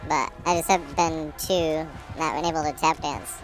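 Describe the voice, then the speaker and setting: A woman's voice: low-pitched, steady tone, soft background music. Woman giving exasperated game commentary. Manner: rapid, exasperated commentary with swearing. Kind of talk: live gameplay commentary.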